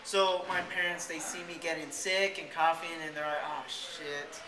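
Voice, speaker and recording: Man, rambling jokey storyteller, casual, swears freely, fairly high voice, echoey hallway. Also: fairly even intonation, normal speed, a crowd in the background. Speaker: vlogger telling a childhood story. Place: school hallway outside a band room.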